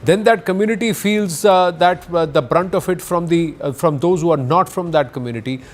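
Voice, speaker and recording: Measured news anchor. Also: male voice, a little high. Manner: measured, with hesitant fillers.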